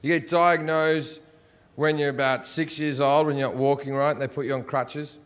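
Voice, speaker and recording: Blunt Australian man, high voice. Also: moderate pace. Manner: blunt, profane, deadpan delivery. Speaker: stand-up comedian. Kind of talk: stand-up comedy set. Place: comedy stage before an audience.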